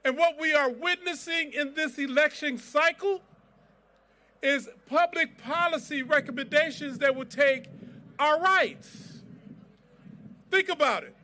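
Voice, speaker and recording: A man's voice: extremely high pitch, measured pace, pauses often, bright, forceful tone. A man giving a fiery rally speech as a civil rights organization president, with a preacher-like cadence and rousing repeated chants.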